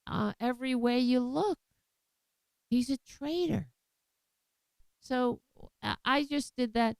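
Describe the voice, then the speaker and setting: A woman's voice: high voice, takes it slowly, gravelly, a little mellow, no room sound, rough recording. A woman hosting her own political commentary show, talking bluntly and with indignation, often restarting her sentences.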